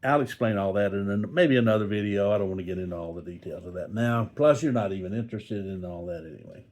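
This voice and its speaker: A man's voice: fairly low pitch, fast talker, a little mellow. An older man vlogging casually from a hospital room, rambling and folksy with joking asides. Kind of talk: casual talk to camera.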